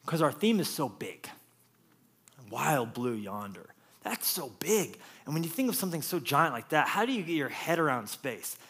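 A man preaching a lively, jokey sermon as pastor, acting out quotes with playful voices. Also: on the high side, normal speed, breathy edge.

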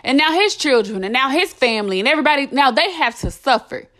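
Blunt high-voiced woman, swearing freely. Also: expressive, fast talker, a bit bright. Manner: blunt, heavy swearing, emphatic repetition. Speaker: podcast host. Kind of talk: impassioned monologue.

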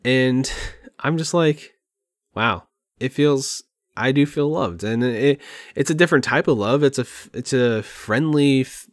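This podcast host's mid-range voice is a bit bright, captured in a dry, studio-quality recording. At home beside his computer, he rambles through a candid personal monologue, open and emotional.

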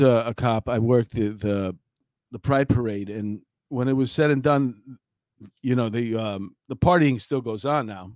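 A man's voice: mid-range voice, darkish tone, no room sound. A middle-aged man, a former police officer telling a story in a blunt, rambling way with many fillers. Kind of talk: casual storytelling commentary.

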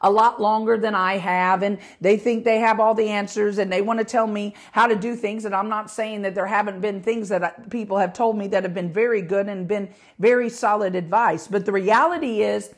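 A middle-aged woman pastor preaching with passion, her voice growing louder as she gets excited. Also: medium pitch, brisk, hardly any pauses. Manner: passionate, rising volume when excited. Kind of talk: podcast sermon.

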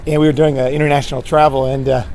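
A man's voice: medium pitch, flat delivery, rapid-fire, darkish tone, slight background noise. A man giving relationship advice in a rambling casual monologue, often tagging lines with "right?" and restarting his sentences. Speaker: dating advice speaker.

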